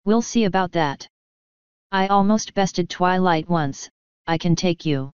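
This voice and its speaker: A woman's voice: fairly low pitch, unhurried, clear, resonant tone, no room sound, natural voice. A woman voicing a defiant female unicorn fighter, strained and taunting, in a slightly dull, dry recording.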